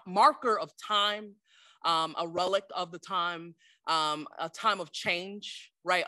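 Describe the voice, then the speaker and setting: A man champions a poetry book in a speech at a library event. He is earnest and hesitant, often stopping on fillers and checking in with "right?". His voice is high and bright, his pace is slow, and the recording is dry and close. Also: no room sound. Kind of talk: persuasive speech. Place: indoor library event before an audience.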